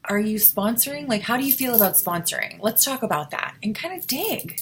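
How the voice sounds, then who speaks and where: A woman's voice: fairly high pitch, big pitch swings, normal speed, hardly any pauses, slight background noise. A woman giving casual motivational advice to her team, acting out both sides of the conversations she describes. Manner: chatty, role-plays both sides of conversations.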